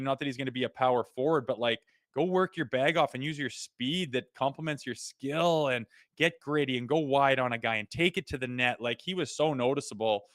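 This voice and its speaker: A man co-hosting a casual hockey podcast, talking excitedly and rambling with lots of "like" as he breaks down plays. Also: medium pitch, no room sound, clean studio sound. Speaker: co-host; father. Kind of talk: casual sports podcast chat.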